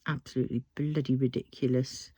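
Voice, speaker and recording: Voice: fairly quick, slight background noise. A vlogger with a British accent, talking casually while diamond painting and ranting heatedly with frequent swearing. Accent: British English. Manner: lively rising and falling pitch when worked up. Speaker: crafting vlogger.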